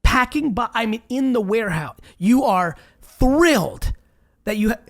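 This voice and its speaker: A man's voice: very high voice, expressive, a little slow. A man hosting an interview show, talking bluntly and emphatically, swearing and urging his guest on. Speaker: show host. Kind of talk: energetic interview talk.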